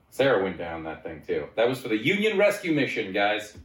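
Rambling man in his forties, roomy echo. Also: a little fast. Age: 40s. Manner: rambling storyteller, jumps into high excited voices when quoting himself. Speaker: guest. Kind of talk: casual chat.

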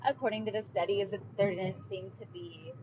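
A woman talks to her camera in a loose, confessional way, leaning on "like" and "um" as she goes. Her voice sits at an ordinary middle pitch. The audio is a touch muffled and lo-fi, with a faint hum of traffic behind her. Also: steady tone, brisk. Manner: chatty, many fillers and "like". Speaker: vlogger. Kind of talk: casual confessional storytelling.

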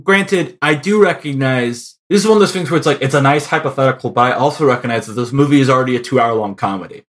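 A man's voice: mid-range voice, fast talker. A young man co-hosting a podcast, chatting casually and acting out quotes in put-on voices. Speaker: podcast co-host.

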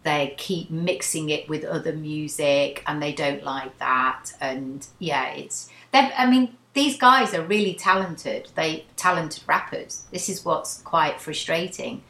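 Low-voiced female podcast co-host, casual and chatty, roomy echo. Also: measured pace, hardly any pauses, pushed and bright. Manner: chatty, laughs while retelling scenes. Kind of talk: casual book chat.

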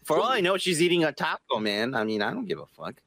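A man with a gravelly voice that swings widely up and down in pitch. He talks in a halting way, restarting and trailing off, recorded close and dry. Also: big pitch swings, a bit bright, no room sound. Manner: hesitant, trailing off, repeats words. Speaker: podcast co-host. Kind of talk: casual chat.

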